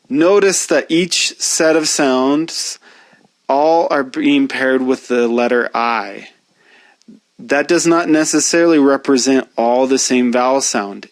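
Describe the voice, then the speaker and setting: A man teaching a pronunciation lesson, speaking slowly and deliberately as he demonstrates each sound. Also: mid-range voice, no room sound. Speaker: language teacher.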